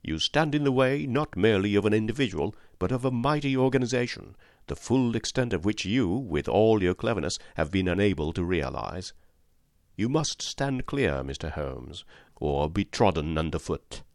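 A man reads a soft-voiced, older criminal mastermind in an audiobook, pitched a little above his own low voice. The speech is precise and courteous, every threat delivered quietly. Dry, close sound. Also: expressive, normal speed, no room sound. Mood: coolly menacing. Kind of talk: audiobook reading.

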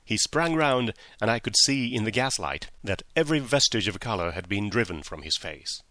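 A man narrating a classic story in measured audiobook style. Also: lowish voice, lively intonation, bright, forceful tone, no echo.

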